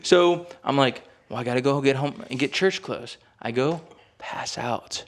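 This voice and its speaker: A man's voice: mid-range voice, measured pace. Young guy rambling thru a story, lots of likes, acts out the quotes. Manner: animated, heavy filler words, acts out quotes. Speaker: podcast co-host. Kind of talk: casual storytelling.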